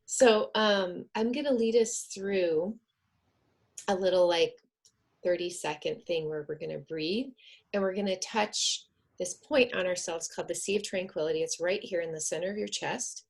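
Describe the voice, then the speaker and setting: Gravelly, husky woman guiding breathing. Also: on the low side. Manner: soft, earnest, counts slowly. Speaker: wellness speaker. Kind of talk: guided breathing coaching. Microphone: video call.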